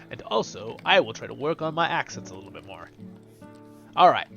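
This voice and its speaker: A man's voice: medium pitch, very animated, a little fast, creaky, fairly bright tone, muffled recording, soft background music. A man hosting a gameplay stream, chatting casually in a rambling, self-deprecating way. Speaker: host and streamer.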